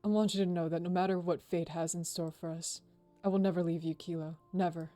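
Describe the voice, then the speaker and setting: A woman voicing a protective young male biker, speaking softly and earnestly in a lowered voice. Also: fairly even intonation, fairly quick, soft background music, lightly acted. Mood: tender. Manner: soft, low and earnest.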